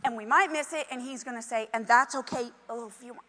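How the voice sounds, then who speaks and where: A woman preaching a sermon, animated and emphatic, with conversational asides to the congregation. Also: fairly high pitch, fast, few pauses, long reverb tail. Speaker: pastor.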